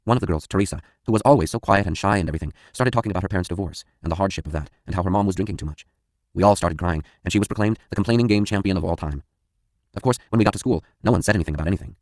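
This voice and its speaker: Deep, fast-reading male narrator. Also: a little mellow, no room sound, clean studio sound. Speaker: audiobook narrator. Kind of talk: first-person audiobook narration.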